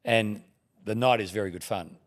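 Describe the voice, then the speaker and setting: A middle-aged Australian TV broadcaster, appearing as a podcast guest, tells long, meandering anecdotes in casual conversation, quoting dialogue along the way. His voice is fairly low and his pace normal.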